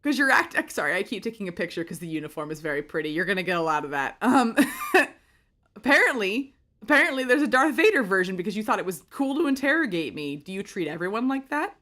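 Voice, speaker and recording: A young woman giving excited, dramatic, laughing commentary on her game play-through, swearing freely. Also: mid-range voice, fast talker. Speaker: streamer.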